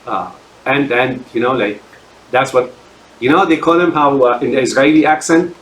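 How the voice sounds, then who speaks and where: A man's voice: medium pitch, moderate pace, reverberant, low-quality recording. A man delivering an unscripted solo rant as a commentator, speaking in emphatic sweeping declarations and stumbling over many fillers and repeated words. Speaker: political commentator.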